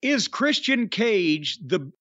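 A high-pitched man hosts a podcast, blunt and profane, hitting his points with sharp rising stresses. His voice sounds dry and a little dull, like a lo-fi microphone in a dead room. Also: big pitch swings, slow pace, no echo. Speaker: podcast host reviewing wrestling. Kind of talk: casual podcast chat.

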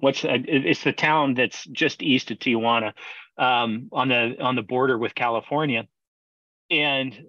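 A mid-pitched man tells long, meandering work stories and keeps breaking into laughter. The sound is slightly dull and very dry, with no room around it. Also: a bit bright, no room sound. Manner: rambling anecdotes with frequent laughter. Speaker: brewer, podcast guest. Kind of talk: casual storytelling interview.

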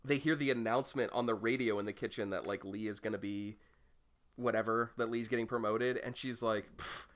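A man's voice: lowish voice, steady tone, a little fast. A young man co-hosting a podcast, chatting casually with rambling enthusiasm and casual swearing. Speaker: podcast co-host. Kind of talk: casual chat.

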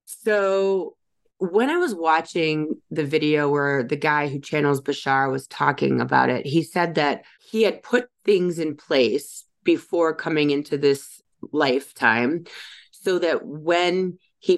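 Host: middle-aged woman, low voice, a bit hoarse, loose chatty delivery full of fillers. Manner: rambling, many fillers and restarts. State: slightly hoarse from yelling. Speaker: podcast host and psychic medium. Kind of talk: casual spiritual podcast talk.

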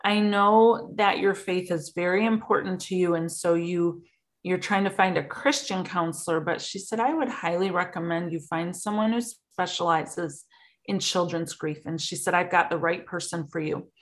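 A woman's voice: lowish voice, normal speed. A woman speaking as a podcast guest and grief expert, talking earnestly and personally with small restarts. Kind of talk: candid interview talk.

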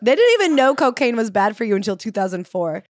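A woman co-hosting a casual book chat, gossipy and animated, reading quotes aloud. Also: medium pitch, fast talker, dry recording, studio quality. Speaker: podcast co-host.

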